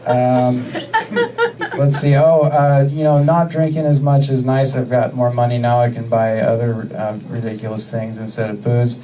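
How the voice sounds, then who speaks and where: A man in his thirties from the US Northwest performs a stand-up comedy set with a deadpan, halting delivery padded with fillers. His voice is mellow and dark, picked up from some distance on a club stage mic. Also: mid-range voice, slight background noise. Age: 30s.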